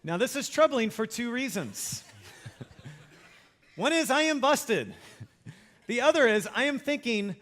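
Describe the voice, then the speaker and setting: A man's voice: high voice, measured pace. Wry storytelling pastor, a man. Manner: lively humorous storyteller, wry and self-mocking. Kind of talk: storytelling sermon.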